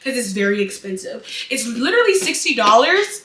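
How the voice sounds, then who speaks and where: A young adult woman vlogging a casual haul, dramatic, excitable and chatty. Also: fairly high pitch, normal speed, hardly any pauses. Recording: echoey room, mic at a distance.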